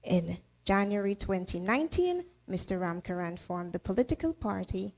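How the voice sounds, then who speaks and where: A woman reading out a speaker's introduction in a steady, formal way. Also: medium pitch, normal speed.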